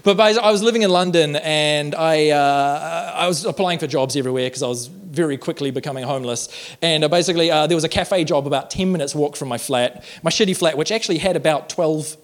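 A young man tells a rambling, self-deprecating story on stage into a handheld mic. His voice sits a little high, and he swears freely. He fills his sentences with ums and uhs. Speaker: stand-up comedian. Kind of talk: stand-up storytelling. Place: comedy venue with audience. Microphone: handheld microphone.

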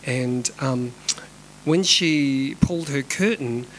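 A man's voice: medium pitch, slow pace, a bit bright, a little hiss or hum, rough recording. A middle-aged man, telling a personal story in a candid way, swearing freely and sometimes dropping to a whisper. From New Zealand. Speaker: dance company director telling a personal story.

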